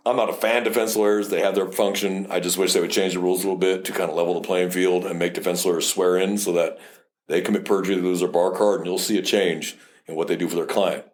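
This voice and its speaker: A man from South Texas with a fairly low voice, co-hosting a casual podcast as a police officer. He talks bluntly and swears freely, telling courtroom stories with animated energy. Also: quick pace. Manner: blunt and profane, with animated storytelling.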